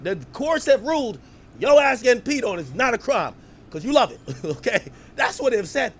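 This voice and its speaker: A man hosting a podcast, giving loud, profane reaction commentary that at times turns to shouting. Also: extremely high pitch, very animated, normal speed, slight background noise. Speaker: podcast host.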